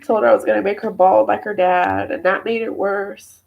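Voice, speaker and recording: A woman's voice: medium pitch, fairly even intonation, normal speed, creaky, phone-quality sound, a little hiss or hum. A young woman and mother, tearful and emotional, venting at length in a personal vlog, rambling with many fillers. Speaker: mother talking to camera.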